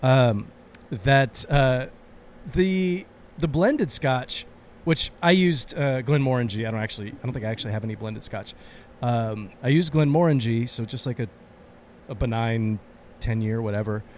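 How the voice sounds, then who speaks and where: A man's voice: medium pitch, normal speed, darkish tone, a little hiss or hum. A man co-hosting a casual cocktail tasting show, talking loosely and chattily. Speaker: co-host.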